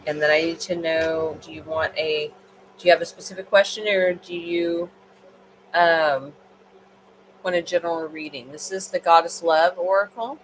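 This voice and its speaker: A woman's voice: fairly low pitch, fairly even intonation, moderate pace, a little hiss or hum, rough recording. A woman doing a casual tarot card reading on a livestream, rambling and chatty, tired late at night.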